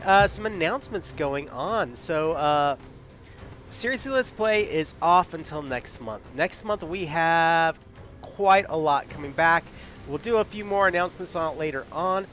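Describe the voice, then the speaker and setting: A man's voice: a little high, fairly bright tone, slight background noise. A man in casual live-stream chat, hosting as game master and making upbeat, chatty announcements.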